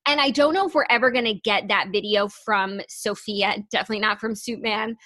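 A woman's voice: medium pitch, a little fast, bright, forceful tone, dry recording. Chatty young woman podcast co-host. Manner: chatty, heavy use of "like". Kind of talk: casual chat.

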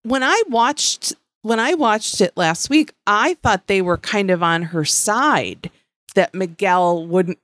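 A blunt, profane woman co-hosting a podcast, chatting casually and restarting her sentences as she goes. Her voice sits somewhat low and sounds dry and close to the mic. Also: lively intonation, unhurried, fairly bright tone, no room sound. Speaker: podcast co-host. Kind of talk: casual chat.

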